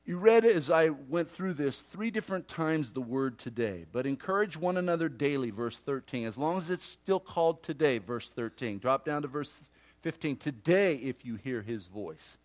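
A male pastor preaching a sermon emphatically, swinging from loud declarations to hushed asides and acting out imagined listeners. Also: a little high, lively intonation, moderate pace.

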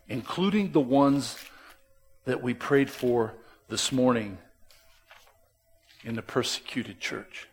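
Slow, emphatic male pastor preaching. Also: mid-range voice, animated, breathy edge. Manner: emphatic, swings between loud stresses and soft drops; conversational, with restarts and asides to the congregation. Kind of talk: sermon.

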